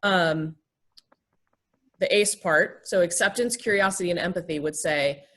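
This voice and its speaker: A woman's voice: lowish voice, a little slow. A woman minister and therapist, a guest in an interview, explaining things thoughtfully with frequent ums and restarts. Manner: acts out example dialogue in a lifted, gentle voice.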